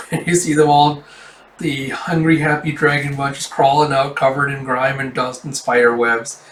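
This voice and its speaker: A man's voice: mid-range voice, flat delivery, moderate pace, a bit bright, slight background noise. A man casually reading a manga aloud, summing up the panels in a loose, chatty way between the characters' lines. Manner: loose, chatty, keeps saying "it's like". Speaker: manga reader. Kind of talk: casual read-aloud recap. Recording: roomy, distant mic, faint ambience.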